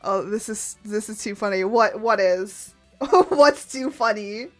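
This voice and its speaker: A woman streaming live in casual chat, giggling often and muttering to herself as she clicks through software. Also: medium pitch, a little slow, soft background music.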